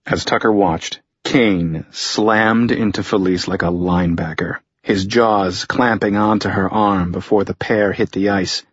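A man narrating a thriller audiobook in a measured, tense storytelling manner. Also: lowish voice, fairly even intonation, husky, no room sound. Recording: dull lo-fi audio.

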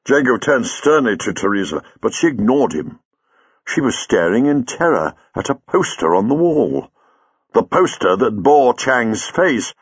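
A man narrating an audiobook in a measured, expressive storytelling manner, recorded in a slightly muffled studio read. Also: medium pitch, slightly rough, dry recording.

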